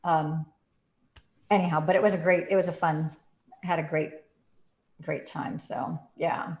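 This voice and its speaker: A woman telling a story in a casual way, acting out the quotes with big jumps in pitch. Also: steady tone, a little slow, a little mellow. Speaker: group participant sharing a story. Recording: roomy echo.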